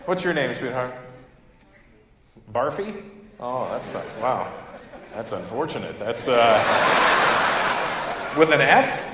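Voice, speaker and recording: A man's voice: mid-range voice, animated, slow pace, long pauses, very noisy. A man doing crowd work at a live comedy show, chatting with and teasing an audience member. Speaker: stand-up comedian. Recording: large echoey hall, loud crowd ambience.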